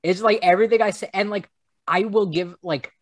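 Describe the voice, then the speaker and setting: A man's voice: high-pitched, fairly quick, no echo. A young man hosting a casual podcast, rambling and hesitant, poking fun at himself. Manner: rambling, hesitant, self-deprecating. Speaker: podcast host. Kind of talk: casual chat.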